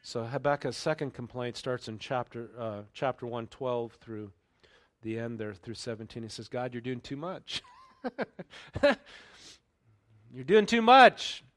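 Guy pastor giving a sermon, chatty, lots of ums and all right?, gets louder reading the bible bits. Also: fairly even intonation, moderate pace. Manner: conversational preaching with frequent fillers and check-ins; raises pitch and volume when reading scripture aloud.

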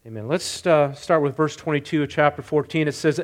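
A male pastor leading prayer and then preaching through a scripture passage, getting louder on the quoted lines and putting questions to his congregation. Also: medium pitch, fairly quick, vocal fry. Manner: animated, rising loud on quoted lines, asks congregation questions. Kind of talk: sermon with scripture reading.

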